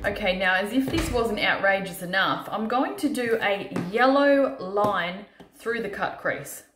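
A woman narrates her makeup tutorial in a casual, chatty way, sleepy but lively, with offhand swearing and self-mocking asides. Her voice sits at an ordinary middle pitch. The room gives it a noticeable echo. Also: measured pace, over music. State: tired from little sleep. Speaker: makeup artist doing a tutorial. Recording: roomy echo.

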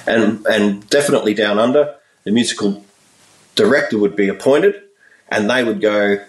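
A man in his forties, a guest musician telling stories in a casual interview, animated and acting out the people in his anecdotes. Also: on the low side, normal speed. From Australia. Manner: animated storyteller, acts out voices in his anecdotes. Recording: roomy echo, a little far from the mic.

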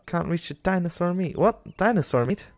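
A man's voice: sits high, lively intonation, normal speed, no echo. A young man giving casual, rambling commentary over a game, talking to the animals on screen and getting exasperated with them. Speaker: gaming YouTuber.

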